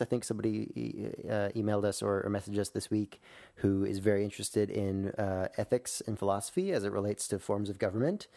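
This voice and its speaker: A man's voice: lowish voice, creaky, darkish tone, dry recording. A man co-hosting a podcast, talking in an easygoing, hedging way. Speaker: podcast co-host. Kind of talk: casual podcast chat.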